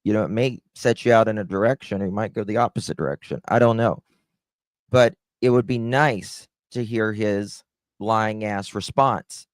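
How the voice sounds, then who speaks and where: Low-voiced male stream host, blunt and sarcastic, cusses freely, dry close sound. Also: normal speed, no room sound. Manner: blunt, sarcastic, swearing, chatting to viewers. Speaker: live-stream true-crime host. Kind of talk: casual live-stream commentary.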